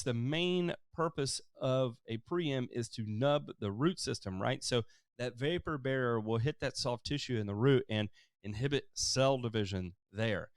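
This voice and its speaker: Relaxed man hosting a lawn Q&A. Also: medium pitch, no echo, clean studio sound. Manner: relaxed, explanatory, many fillers. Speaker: lawn care show host answering viewer questions. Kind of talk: casual live-stream Q&A.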